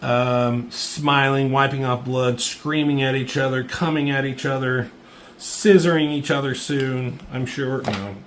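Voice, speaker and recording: A man talks through a comic in a loose, unscripted way, full of fillers and curses. His voice sits at an ordinary middle pitch and climbs sharply when the action heats up. A faint hiss runs under the recording. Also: a little slow. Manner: profane, excitable play-by-play with lots of fillers. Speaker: comic book reviewer. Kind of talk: casual comic book recap.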